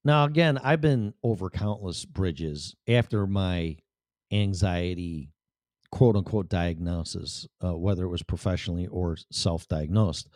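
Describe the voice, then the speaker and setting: A man's voice: low-pitched, measured pace, darkish tone, no echo, clean studio sound. A man hosting a show, telling a personal story bluntly, full of profanity.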